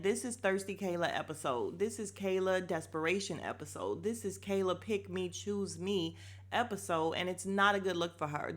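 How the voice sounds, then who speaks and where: A fairly low-pitched, slightly bright voice carries this woman's reality show recap podcast. As host she's outspoken and blunt, swears freely, and gets worked up when something irritates her.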